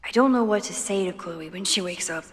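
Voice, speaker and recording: A woman's voice: mid-range voice, a little fast, big-room sound, natural voice. An actress voicing a young woman photographer in a video game, speaking a dry, self-mocking inner monologue. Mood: wry.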